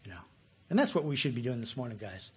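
Husky-voiced man preaching casually. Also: mid-range voice, quick pace. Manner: conversational, animated, often asks listeners questions. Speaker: pastor. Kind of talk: sermon.

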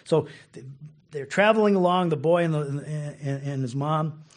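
A man's voice: fairly high pitch, moderate pace. A man preaching a casual, conversational sermon who laughs often and repeats words as he goes. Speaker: pastor.

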